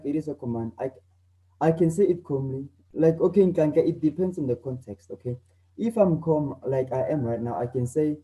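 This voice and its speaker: Teacher, mellow and animated. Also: medium pitch, a little fast, rough recording. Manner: acts out exclamations loudly, tags lines with "okay?". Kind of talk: online class lesson.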